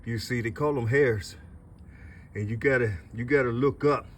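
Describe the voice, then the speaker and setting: A middle-aged man rambles on in a loose, emotional monologue, repeating himself and swearing freely. His voice sits at an ordinary middle pitch and turns tearful, with faint noise in the background. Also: normal speed. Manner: rambling, repetitive, profane, full of "you see". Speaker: vlogger.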